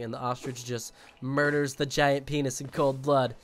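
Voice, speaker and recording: A man's voice: mid-range voice, flat delivery, moderate pace, slight background noise. A man chatting casually to his viewers while streaming a game, joking and rambling. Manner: jokey, rambling, talks to chat while playing. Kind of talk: casual gaming stream chat.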